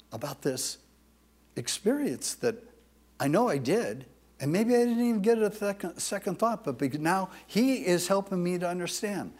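A man preaching a sermon, speaking slowly and emphatically, with passages that drop to a soft, confessional tone. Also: high-pitched, animated, husky.

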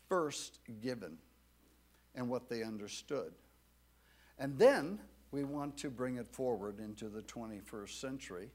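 Male pastor, slow deliberate delivery, animated pitch. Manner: slow, measured preaching with lively rises and falls. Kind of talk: sermon.

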